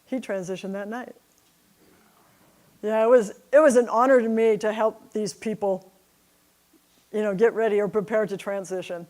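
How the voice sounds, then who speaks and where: A woman's voice: mid-range voice, steady tone, moderate pace, pauses often, a little mellow. Chatty woman telling stories at church. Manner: chatty, laughs often. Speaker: church speaker. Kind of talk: personal storytelling to a congregation. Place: church service.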